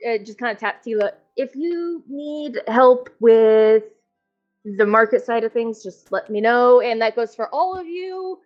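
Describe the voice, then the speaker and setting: A woman playing her character in a tabletop game, playful and quick to laugh. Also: on the high side, expressive, dull audio, faint music behind. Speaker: player. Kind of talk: casual tabletop play.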